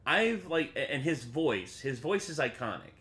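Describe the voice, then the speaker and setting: Guy gushing about a movie, bit halting, bright sharp voice. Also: a little high, sing-song. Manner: earnest, halting. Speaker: co-reviewer. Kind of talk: casual chat.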